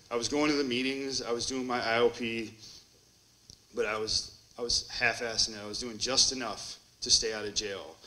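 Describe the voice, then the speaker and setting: A man's voice: medium pitch, pushed and bright, rough recording. A man from Wisconsin giving a personal recovery testimony as a treatment court graduate, rambling with many fillers and acting out what people said. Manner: rambling storyteller, many fillers, acts out quotes.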